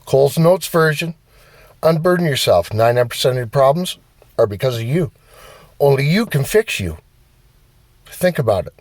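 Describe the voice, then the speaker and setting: A man's voice: mid-range voice, normal speed, pauses often, no room sound. Blunt, swearing man ranting. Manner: blunt, heavy swearing, animated. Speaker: vlogger and driver. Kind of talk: profane motivational rant.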